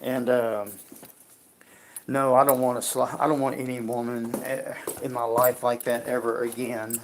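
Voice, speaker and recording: A man's voice: medium pitch, level tone, unhurried, a little hiss or hum. A man chatting casually at home, jovial and rambling, drifting off track as he tells stories. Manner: jovial, rambling, drawling storyteller. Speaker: vlogger. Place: indoors at home.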